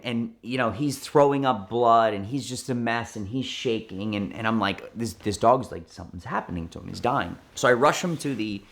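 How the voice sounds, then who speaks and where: A man in his thirties, a car dealer, telling a story with lively restarts and acted-out dialogue. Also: on the low side. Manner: animated, many restarts and quoted dialogue. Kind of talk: storytelling interview.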